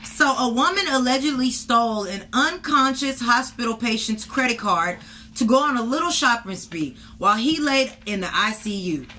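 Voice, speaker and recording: A woman's voice: fairly high pitch, expressive, normal speed, sharp tone, slight background noise. A woman co-hosting a casual podcast, telling news stories in a blunt, profane, jokey way. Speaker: podcast co-host. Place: indoor podcast set.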